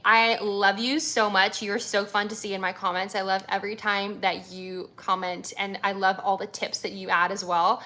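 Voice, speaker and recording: A chatty woman from America, a violinist, answers live questions from viewers with plenty of ums and likes. Her voice is bright and forward, and she sits in the middle of a woman's range. She sounds eager and easygoing. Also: mid-range voice. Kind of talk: casual livestream Q&A.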